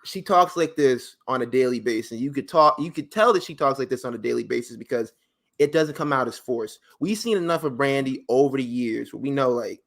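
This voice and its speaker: A man co-hosting a podcast in casual chat, his voice sitting at an ordinary middle pitch. He tells stories loosely and with plenty of profanity, slipping into quotes of what people said. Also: brisk, gravelly, a bit bright. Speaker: podcast co-host.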